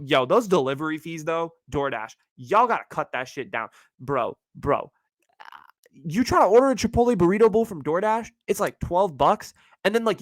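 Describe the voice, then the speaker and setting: Young male podcast host, casual ranter, higher voice, swears a lot, dry close mic. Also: dry recording. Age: young adult. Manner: animated, swearing, slangy, jumps into mocking high-pitched voices. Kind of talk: casual solo rant.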